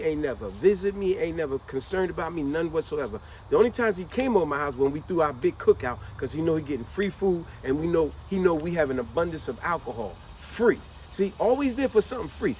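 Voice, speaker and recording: A woman's voice: on the low side, big pitch swings, fairly quick, few pauses, darkish tone, slight background noise, rough recording. A middle-aged woman giving casual commentary to her vlog audience, emphatic and repetitive, stretching out words to drive her points home. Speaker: vlogger.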